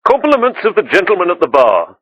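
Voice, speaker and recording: A man's voice: high voice, huge pitch swings, fast, a bit bright, no echo, pitched above the performer's own voice, heavily acted. A formal, deferential waiter who speaks in a raised, clipped and polite voice, as a male audiobook reader plays him. The sound is dry and dull. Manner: polite and clipped, lots of "sir".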